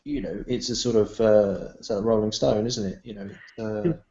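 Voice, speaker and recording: Gravelly guy rambling, lots of you know, echoey room, lo-fi. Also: on the low side, fairly even intonation, normal speed, mellow. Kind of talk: casual discussion. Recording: echoey room, dull lo-fi sound.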